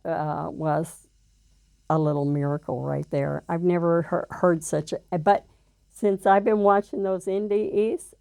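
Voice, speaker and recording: Older woman, interview storytelling, gravelly, dark mellow tone, halting with fillers. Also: fairly low pitch, no echo, highs cut off. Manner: halting, many fillers and restarts.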